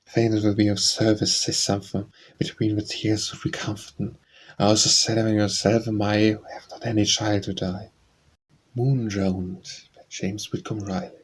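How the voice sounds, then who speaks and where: A man reading poems aloud for an audiobook in a measured, even recitation. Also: fairly low pitch, a little hiss or hum. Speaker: audiobook reader. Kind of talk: poetry reading.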